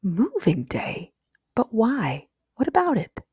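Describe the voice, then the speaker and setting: A woman reading an audiobook, voicing a caring mother who speaks gently and protectively to her children. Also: on the high side, huge pitch swings, slow pace, breathy edge, no room sound, pitched above the performer's own voice, full character voice.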